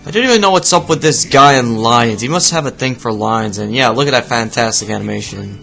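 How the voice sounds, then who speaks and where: A man's voice: medium pitch, fairly quick, vocal fry, bright, forceful tone, soft background music. A man giving sarcastic, profane reaction commentary on a video, ranting at what he sees. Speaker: video reviewer.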